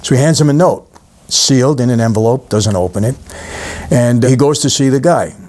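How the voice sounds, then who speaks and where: A man's voice: medium pitch, normal speed, warm tone. A middle-aged New York man talks straight to camera, walking his viewers through a film scene by scene. His delivery is easy and conversational, with a storyteller's habit of stopping to speak to the audience directly. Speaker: channel host reviewing a film. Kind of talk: casual talk-to-camera film recap.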